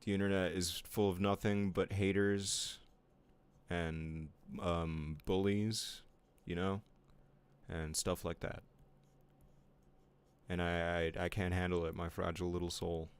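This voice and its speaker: A man's voice: sits low, little pitch movement, slow, clear, resonant tone. A man streaming his drawing live, chatting casually with viewers in playful, mock-offended banter. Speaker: art streamer.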